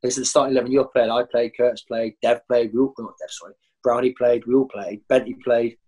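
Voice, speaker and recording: A man, a former professional footballer, telling rowdy stories as a guest and jumping high in pitch when he acts out other people. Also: brisk, breathy edge. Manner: animated, jumps high when acting out others. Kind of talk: anecdotal storytelling.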